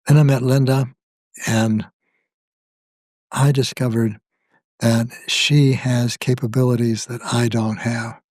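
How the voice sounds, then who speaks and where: Older guy, slow thoughtful talker, mid pitch, dry close sound. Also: level tone, darkish tone, dry recording. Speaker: guest, spiritual author. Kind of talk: reflective conversation.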